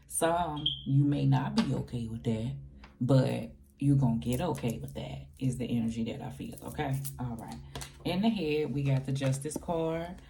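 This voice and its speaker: A woman with a very low voice and a gravelly edge talks through a tarot reading for her viewers. She speaks in a loose, conversational way, circling back on her own phrases and dropping in slang. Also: mellow. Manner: loose and conversational, repeats herself, uses slang. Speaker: tarot reader. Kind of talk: casual tarot reading to camera.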